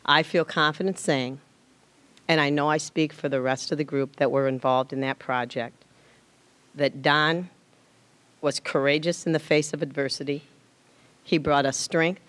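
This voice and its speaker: A woman giving an emotional tribute speech at an awards dinner, tearful, halting and repeating words as her voice rises. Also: sits low. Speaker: tribute speaker.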